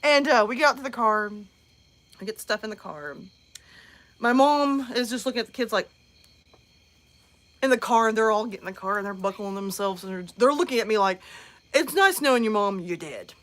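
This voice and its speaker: A mother hosting a live show, telling a comic story in a lively, chatty way with lots of fillers. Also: fairly high pitch, fairly quick, pauses often. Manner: animated, many "like" fillers, acts out voices.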